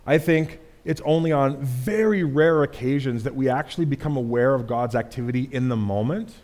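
A man preaching a sermon in a relaxed, conversational way, dropping in casual fillers. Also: mid-range voice, moderate pace. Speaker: pastor.

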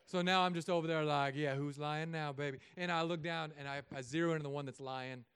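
A man preaching a sermon as a pastor, telling stories with self-mocking humor and often dropping to soft, quiet tones. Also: fairly high pitch, fairly even intonation, quick pace, gravelly, smooth.

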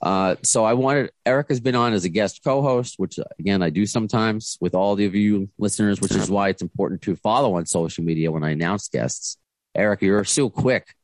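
A man's voice: lowish voice, brisk, dry recording. A man hosting a podcast over a video call, chatting casually and rambling with restarts. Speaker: podcast host. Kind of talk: casual chat.

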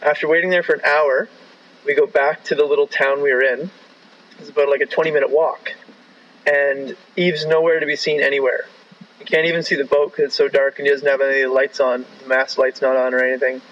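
A man's voice: mid-range voice, flat delivery, brisk, a bit bright, dull audio. A man from Canada telling a long travel story in a casual, rambling way, full of "like" and "right?".

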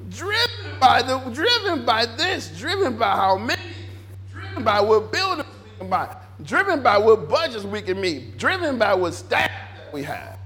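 A man preaching a sermon in a church, animated and repetitive, acting out little inner dialogues as he goes. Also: very high-pitched, normal speed. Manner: animated, repeats phrases, acts out inner dialogue. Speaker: pastor.

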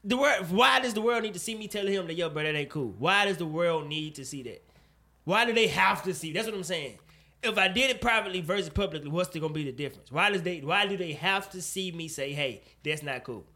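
A man co-hosting a casual chat show, talking in an animated, profane way and pressing his point with rising emphasis. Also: high-pitched, fast. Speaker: podcast co-host.

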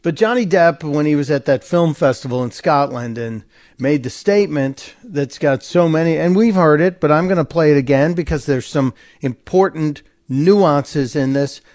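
Opinionated talk radio host, fairly high voice. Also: male voice, moderate pace, darkish tone. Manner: sarcastic, opinionated, conversational. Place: radio studio.

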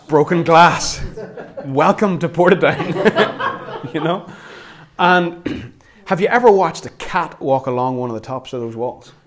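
A man with a Northern Irish accent preaching a sermon, conversational and earnest with flashes of wry humor. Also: mid-range voice. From Northern Ireland. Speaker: pastor.

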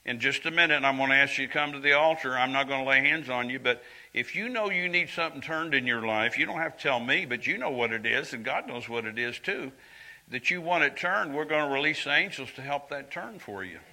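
Older man preaching, bright voice. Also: mid-range voice, expressive, brisk, poor audio. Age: 70s. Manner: earnest and conversational, swinging from quiet confiding to loud emphatic lines. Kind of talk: sermon.

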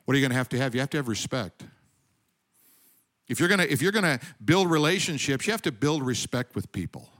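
A middle-aged man preaching a sermon as pastor, telling personal stories and building to loud, emphatic calls to the congregation. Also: mid-range voice.

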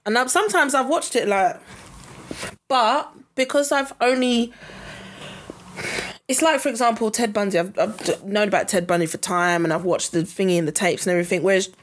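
A woman's voice: mid-range voice, brisk. A woman chatting casually on a podcast. She is talkative and laughs easily, and she sometimes stumbles over longer words. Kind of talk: casual chat.

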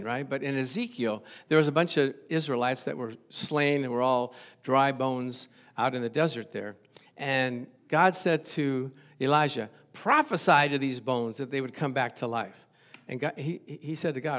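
A man in his sixties, a pastor preaching a sermon, animated and chuckling, acting out little dialogues as he goes. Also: medium pitch, moderate pace.

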